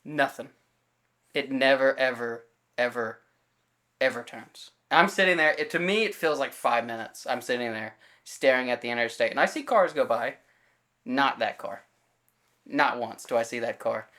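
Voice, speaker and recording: A man's voice: medium pitch, animated, moderate pace, pushed and bright. A man co-hosting a podcast in casual chat, telling a story and acting out the quoted lines of everyone in it, with loose fillers and self-corrections. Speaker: podcast co-host.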